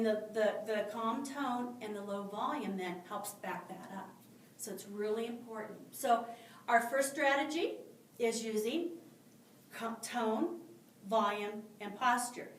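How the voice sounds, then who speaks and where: A woman's voice: a little high, a little hiss or hum. A woman teacher trainer explaining classroom discipline strategies, posing frequent rhetorical questions to her listeners. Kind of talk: instructional talk with demonstrations. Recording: roomy, mic at a distance.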